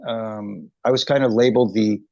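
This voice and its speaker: A man's voice: fairly low pitch, fairly even intonation, normal speed, warm tone, no room sound. A middle-aged man telling a story as an interview guest, with lots of fillers and restarts. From Canada. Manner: chatty, many fillers and restarts, emotional recollection. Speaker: guest, retired wrestling referee. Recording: dry, dull lo-fi call audio.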